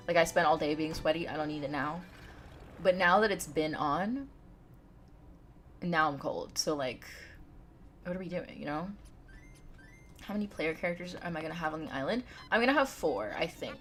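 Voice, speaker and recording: A woman's voice: fairly low pitch, normal speed, long pauses, a bit bright, soft background music. A woman live-streaming a game from home, chatting and giggling as she talks straight to her chat. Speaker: livestreamer.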